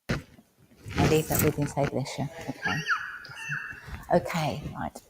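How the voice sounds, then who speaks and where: A woman working as a medium at a service, relaying spirit messages in a halting way full of ums, in a village hall. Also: deep voice, animated. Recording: echoey hall, faint background noise.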